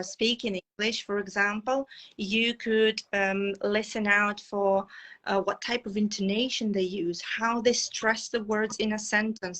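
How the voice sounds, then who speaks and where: Brief: young female English teacher, crisp bright tone, emphatic, repeats key phrases. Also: medium pitch, rough recording. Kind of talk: conversational English lesson.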